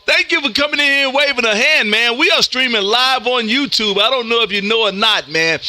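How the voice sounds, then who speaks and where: A loud, energetic ham radio operator from Texas with a high, very bright voice that cuts right through. He rattles off call signs and chats with a constant "man", and the sound is dry and close to the mic. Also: fairly quick, no room sound. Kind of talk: on-air radio contacts and chat. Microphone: close studio mic with headphones.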